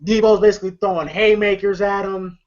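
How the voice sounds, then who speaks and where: A man's voice: high voice, fairly even intonation, brisk. A man casually recapping a movie scene, rambling with lots of fillers, swearing freely and laughing often. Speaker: movie reviewer. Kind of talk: casual commentary. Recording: lo-fi dull audio.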